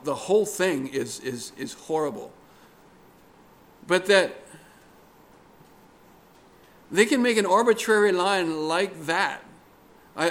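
A man delivers a sermon at an unhurried, measured pace, letting each phrase land. His voice sits a little higher than most men's. He speaks earnestly and leans on the words he wants remembered. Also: a bit bright. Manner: slow, deliberate and earnest, pressing key words. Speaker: preacher.

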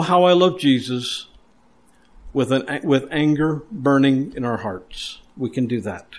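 Earnest preacher, man, slightly high. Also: darkish tone. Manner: earnest preaching with repeated words and restarts. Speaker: pastor. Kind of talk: sermon.

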